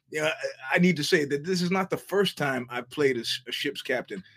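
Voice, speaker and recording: A man's voice: fairly high pitch, brisk, fairly bright tone, breathy edge. A man hosting his own podcast, rambling through a wry, chuckling solo monologue with frequent restarts. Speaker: podcast host.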